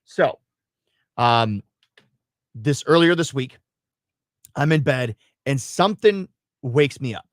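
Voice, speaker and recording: A man co-hosting a casual live radio chat, telling a personal story in an animated way and acting out the parts. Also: medium pitch, takes it slowly, long pauses, no room sound, clean studio sound. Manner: animated storytelling, acts out his own screams and quotes. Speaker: radio show co-host.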